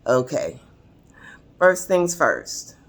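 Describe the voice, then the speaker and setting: A woman's voice: sits low, big pitch swings, very slow. Chatty woman in her sixties. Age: 60s. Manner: chatty and confiding, laughs often mid-sentence. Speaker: vlogger. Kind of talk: casual personal storytelling to camera. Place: seated at a table indoors.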